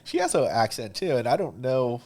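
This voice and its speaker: A man's voice: medium pitch, very animated, normal speed, darkish tone. A male podcast co-host chatting casually about a TV show, hesitant and full of fillers. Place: room shared with co-host.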